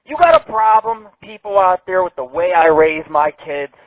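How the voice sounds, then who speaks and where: A man's voice: sits high, big pitch swings, normal speed, no room sound. A man hosting an internet radio show, ranting brashly and swearing a lot. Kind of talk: profane call-in radio rant. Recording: tinny phone-like dry sound.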